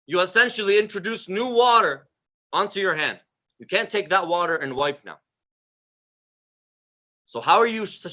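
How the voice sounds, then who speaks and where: A young man gives an informal sermon on prayer as a religious teacher, speaking emphatically and conversationally and often repeating his phrases. His voice is a little high, bright and forceful.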